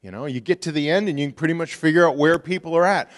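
A pastor preaches in a sanctuary, his voice sitting a little high for a man. He drops to soft, hushed tones when he tells stories, then climbs into loud, emphatic delivery. The hall around him carries a long, trailing reverb. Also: animated, fast, hardly any pauses. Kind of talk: sermon.

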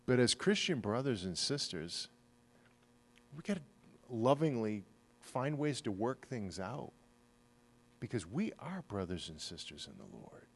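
A middle-aged pastor giving a sermon in a relaxed, conversational way, telling stories and acting out the people he quotes. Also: medium pitch, measured pace, long pauses.

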